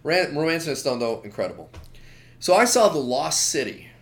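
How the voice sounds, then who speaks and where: A man co-hosting a podcast, ranting in an animated, opinionated way with lots of asides. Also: fairly high pitch, a little fast. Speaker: podcast co-host. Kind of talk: casual chat.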